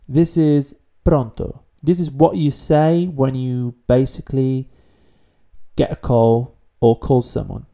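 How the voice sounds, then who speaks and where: Man, language teacher, very dark mellow tone, patient explaining style for a beginner video lesson. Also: medium pitch, smooth. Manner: explanatory, repeats key words slowly.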